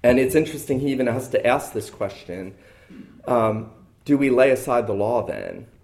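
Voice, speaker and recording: A male pastor delivering a sermon with emphatic, deliberate stress. He repeats his key lines to drive each point home, in a voice of ordinary middle pitch. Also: sing-song, a little mellow.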